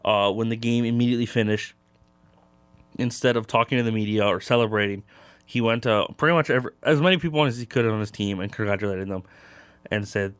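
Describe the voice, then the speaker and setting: A man's voice: on the low side, fairly quick, long pauses, clear, resonant tone, no echo. A young man hosting a casual sports talk show, rambling with lots of fillers. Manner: loose and rambling, many fillers.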